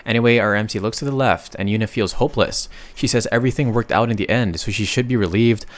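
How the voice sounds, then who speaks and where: A man narrating a comic recap in a casual, chatty way, with sudden loud bursts and slangy asides. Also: lowish voice, fast.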